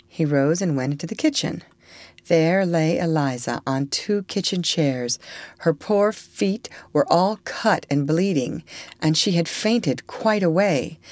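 A woman reading a classic story aloud for children in a clear, lively voice. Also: low voice, no room sound.

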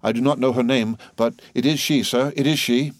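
A man voicing an agitated, fearful male servant who speaks in halting exclamations. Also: medium pitch, fairly even intonation, dry recording, voice pushed up, lightly acted. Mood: alarmed.

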